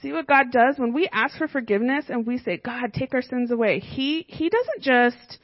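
Woman, children's ministry teacher, high bright voice, chatty and animated, close dry lo-fi recording. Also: normal speed, no echo. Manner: animated, asks children questions often. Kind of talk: children's Bible lesson.

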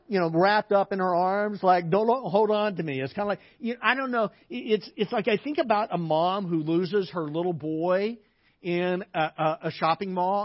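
A man preaching a sermon as pastor, telling personal stories, dropping to a hush in sad parts and acting out the people he quotes. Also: high-pitched, highs cut off. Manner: personal storytelling, drops to a hush at sad moments and acts out quoted lines.

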